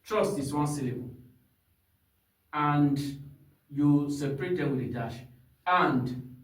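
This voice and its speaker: Slow, high-voiced singing teacher. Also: male voice. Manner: instructive, checks in often with "hmm?" and "you understand?". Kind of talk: singing lesson with demonstrations. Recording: echoey room, mic far off.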